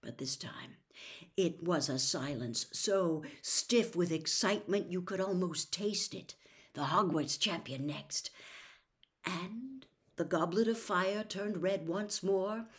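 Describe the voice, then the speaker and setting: A woman reading a novel aloud as a storyteller, narrating in a steady, expressive way. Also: fairly low pitch, slow pace.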